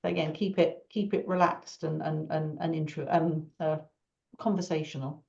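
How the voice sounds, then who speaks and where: A woman, a marketing consultant hosting an online Q&A, chatty and animated, acting out small talk. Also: deep voice, normal speed, vocal fry. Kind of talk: casual online Q&A. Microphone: video call. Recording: dull lo-fi video call audio.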